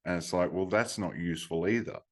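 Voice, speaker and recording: Deep-voiced man hosting a casual chat. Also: fairly quick. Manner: easygoing, agreeable, chatty. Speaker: podcast host.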